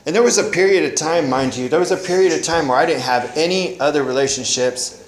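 A man's voice: a little high, fast talker. A middle-aged man giving a candid, rambling personal testimony at a recovery meeting, with frequent "you know" and some swearing. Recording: echoey room, faint noise.

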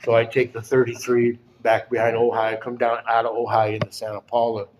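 A man's voice: mid-range voice, monotone, fairly quick, slight background noise, rough recording. A middle-aged man telling a personal story in casual, rambling speech, full of fillers and repeated phrases.

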